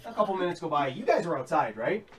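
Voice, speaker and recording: A game master narrating a tabletop game with animated storytelling and acting out characters, over background music. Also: mid-range voice, fast talker, distant mic, over a noisy crowd, low-quality recording.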